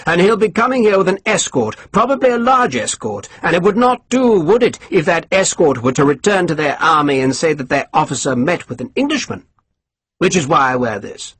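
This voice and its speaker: Man doing a scheming colonel, condescending, lively, slightly husky, audiobook. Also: fairly high pitch, fairly quick, no room sound, voice pushed up, full character voice. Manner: smooth, condescending, lecturing. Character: suave scheming English colonel, male.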